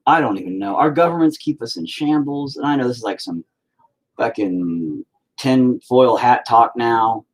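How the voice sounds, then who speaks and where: A man's voice: mid-range voice, animated, unhurried. An American man who hosts his own channel rants casually and profanely while painting, with sarcastic asides. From United States. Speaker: channel host.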